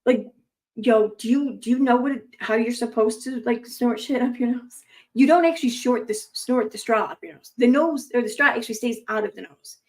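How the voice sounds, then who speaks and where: A woman's voice: a little high, brisk, darkish tone. A young adult woman reading online posts aloud and adding rambling, sarcastic commentary full of fillers.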